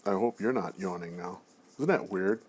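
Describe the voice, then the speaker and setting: A man giving a casual recorded lecture, talking in a relaxed, chatty way with frequent self-corrections and asides. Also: sits low, normal speed, breathy edge.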